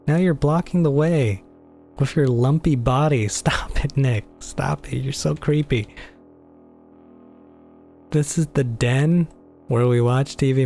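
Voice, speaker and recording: A man's voice: mid-range voice, dark tone. A young man commentating a game as a let's play, joking and swearing in mock horror as he reads the game's text aloud. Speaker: gaming YouTuber.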